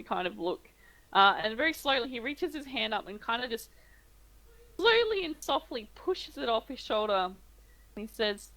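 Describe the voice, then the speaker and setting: A woman's voice: fairly high pitch, very animated, a little slow, pauses often, bright, forceful tone, rough recording. A woman narrating a tabletop game as game master, in a loose, casual way.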